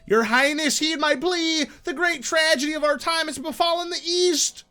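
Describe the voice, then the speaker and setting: A man's voice: very high-pitched, moderate pace, sharp tone, soft background music, voice pushed up. A man voicing a noble who pleads with a king, with raised theatrical delivery. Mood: pleading.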